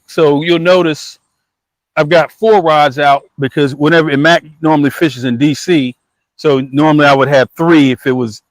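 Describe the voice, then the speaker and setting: Relaxed rambling fisherman, dry close sound. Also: a little high, dry recording, low-quality recording. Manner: relaxed, rambling with fillers and restarts. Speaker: guest angler on a livestream. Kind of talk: casual chat about bank fishing. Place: riverbank outdoors.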